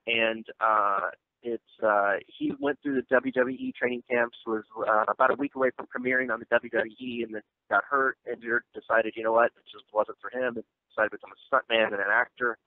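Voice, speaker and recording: This actor and filmmaker has a mid-range, creaky voice and a brisk delivery, recorded dry over a tinny phone line. Interviewed about his film, he rambles casually, full of fillers and restarts.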